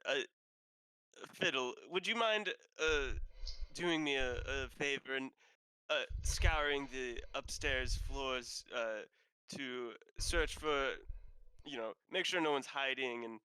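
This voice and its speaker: A man at a tabletop game speaks hesitantly with many fillers. His voice is bright and smooth, recorded close and dry. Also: medium pitch, slow, no echo, low-quality recording. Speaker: player.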